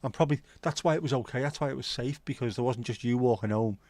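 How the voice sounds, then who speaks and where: A man's voice: mid-range voice, quick pace, darkish tone, no echo. Sweary Scouse man rambling on stream. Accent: Scouse, South Liverpool. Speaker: livestream host. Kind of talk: casual livestream chat.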